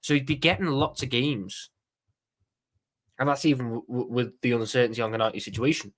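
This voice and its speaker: A Scouse-accented man from Liverpool, England hosts a live watchalong stream, chatting casually and animatedly while often swearing and repeating words. His voice is medium-pitched and steady, at normal speed.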